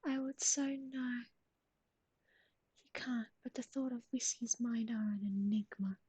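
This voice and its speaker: A woman with a high, airy voice gives a whispered pet livestream chat, cooing baby talk to her animal between greetings to viewers. Her breathy whisper sits close and dry, with no room sound, and she takes her time. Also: measured pace, mellow, dry recording. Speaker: livestream host.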